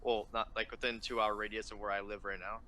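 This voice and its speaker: A man in relaxed casual chat, asking questions and comparing prices. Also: fairly low pitch, fast talker. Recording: faint background noise.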